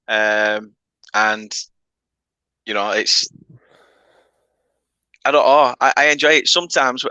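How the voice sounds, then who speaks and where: A man hosting a casual chat, animated and quick to laugh. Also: medium pitch, dry recording, poor audio. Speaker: host.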